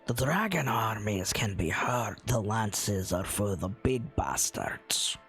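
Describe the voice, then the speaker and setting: A man voicing a gruff, wary old male dwarf who growls low and scornful, with soft music behind. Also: sing-song, takes it slowly, full character voice.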